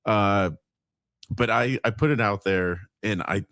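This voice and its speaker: Low-voiced man, dry close sound. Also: unhurried, a bit bright, no echo. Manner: jokey, loose. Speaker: podcast host. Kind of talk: casual sports chat.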